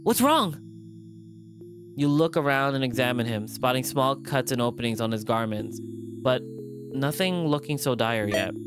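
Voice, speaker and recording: A streamer narrating a visual novel aloud in an animated way, jumping in and out of character voices. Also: mid-range voice, moderate pace. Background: background music.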